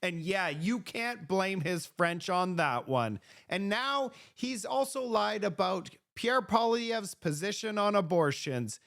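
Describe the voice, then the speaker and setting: Male political commentator, high pitch, sarcastic and emphatic delivery. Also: animated, takes it slowly, vocal fry, hardly any pauses, fairly bright tone.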